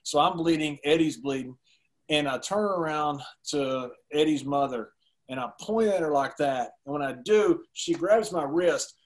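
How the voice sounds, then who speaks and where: Male interview guest, fairly high voice, animated storyteller who laughs along. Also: moderate pace.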